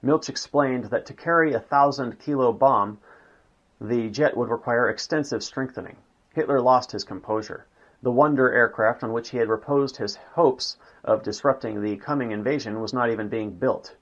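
Casting: mid-pitched male reader of nonfiction, plain and steady, dull lo-fi sound. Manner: unhurried reading, says "quote" and "end quote", occasional slips. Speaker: narrator. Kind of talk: reading a history book aloud.

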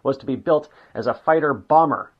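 Casting: man reading as an insistent, indignant dictator, a bit louder, lo-fi sound. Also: mid-range voice, brisk, breathy edge, close to an everyday voice. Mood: complaining. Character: indignant middle-aged male dictator, demanding and impatient.

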